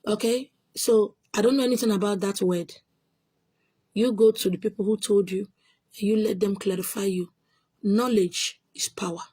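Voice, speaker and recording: Husky Nigerian woman, emphatic and insistent. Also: medium pitch, fairly even intonation, moderate pace, dark tone, no room sound. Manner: emphatic, insistent, repeats points. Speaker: spiritual teacher hosting her channel. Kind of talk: answering viewer questions on camera.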